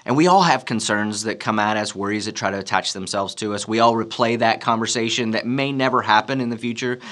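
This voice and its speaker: A man's voice: lowish voice, brisk, fairly bright tone. A man preaching a sermon as a pastor, telling a story and acting out the voices in the dialogue.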